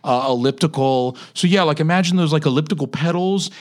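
A man's voice: on the high side, fairly quick. A young man hosting a podcast, telling crude stories in casual comedic chat and acting out the voices. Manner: crude, animated storytelling with acted-out voices. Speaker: podcast host.

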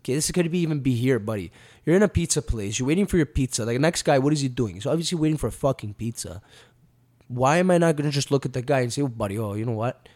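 A fast-talking man in casual podcast conversation, at an ordinary middle pitch. He swears freely and slips into other people's voices as he tells anecdotes. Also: lively intonation, darkish tone. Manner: profane, storytelling, acts out quotes. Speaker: podcast co-host. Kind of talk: casual chat.

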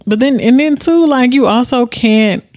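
A woman's voice: on the high side, normal speed, darkish tone. A woman co-hosting a podcast, chatting in an exasperated, sarcastic, profane way. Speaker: podcast co-host. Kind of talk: casual comedic chat.

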